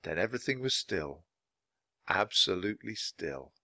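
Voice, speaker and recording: A man narrating a children's chapter book in a clear, steady reading voice. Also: sits low, normal speed, dry recording. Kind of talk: scripted storybook narration.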